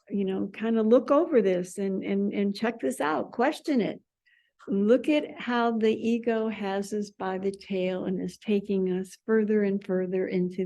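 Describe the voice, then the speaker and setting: A woman leading a spiritual study class in an animated, conversational way, often repeating words as sound effects. Her voice sits at an ordinary middle pitch for a woman. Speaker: class leader.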